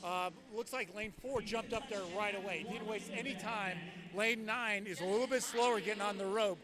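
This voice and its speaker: A man's voice: high voice, moderate pace, over a noisy crowd. A man giving color commentary at a live fitness competition, plainspoken and folksy.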